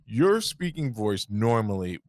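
A man's voice: lowish voice, sing-song, a little slow, dry recording. A man co-hosting a podcast in casual chat, rambling and laughing often while speaking into a headset. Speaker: podcast co-host.

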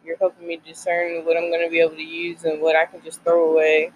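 Twentysomething rambling about faith and school, says like constantly, mid pitch, bit of hiss behind. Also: completely flat delivery, fast talker, dull audio. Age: 20s. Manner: rambling, many "like" fillers. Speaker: college student sharing faith devotional. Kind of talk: casual faith vlog.

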